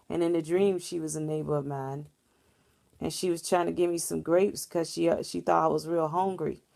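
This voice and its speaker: A woman's voice: fairly low pitch, gravelly, darkish tone. A woman vlogger casually recounting a dream in a rambling, earnest storytelling way.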